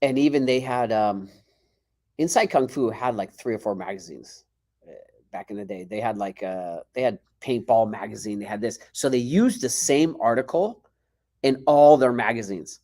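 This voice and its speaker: A man's voice: medium pitch, normal speed. A male martial arts instructor, a podcast guest, telling stories in a casual way and acting out quoted dialogue. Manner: animated, acts out quoted dialogue.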